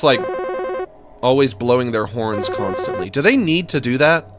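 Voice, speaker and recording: A man's voice: medium pitch, very animated, normal speed, loud music behind the voice. A man casually commenting while playing a game on stream, jokey and rambling. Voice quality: jokey, rambling, slips into silly voices.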